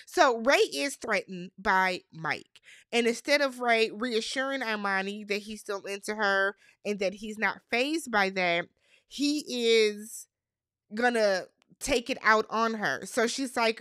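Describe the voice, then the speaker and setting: A woman's voice: fairly high pitch, unhurried, a bit bright, dry recording, studio quality. A woman hosting a reality TV recap, talking in a chatty, opinionated way with slangy asides. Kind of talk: casual recap commentary.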